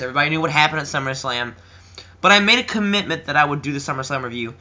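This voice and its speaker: A teenage boy giving a rambling, casual video review, with lots of fillers, who slips into a higher voice when he quotes people. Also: animated, rapid-fire, pushed and bright, dull audio. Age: teens. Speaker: wrestling reviewer. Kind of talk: casual chat.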